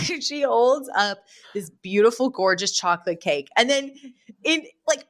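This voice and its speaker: Woman cohost chatting about a tv episode, lively up-and-down voice, laughs a lot, does the characters' lines. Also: a little high, moderate pace. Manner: animated, laughs often, acts out quoted lines. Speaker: podcast co-host. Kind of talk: casual chat recapping a sitcom episode.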